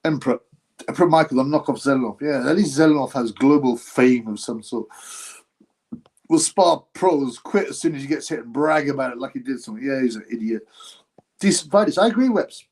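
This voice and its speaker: A man's voice: medium pitch, animated, a little fast, darkish tone. A man hosting a live stream, giving blunt, mocking commentary on a boxing match and reading out chat comments. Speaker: livestream host reacting to a boxing fight.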